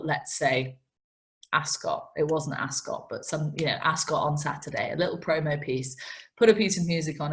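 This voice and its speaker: A woman with a low-pitched voice tells interview anecdotes with animated, self-mocking energy. Her phrasing is conversational and quick to poke fun at herself. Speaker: racing TV presenter.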